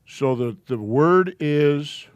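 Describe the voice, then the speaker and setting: A man teaching a Hebrew alphabet class in a church classroom, explaining slowly and casually. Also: a little high, animated, clear, resonant tone, no room sound.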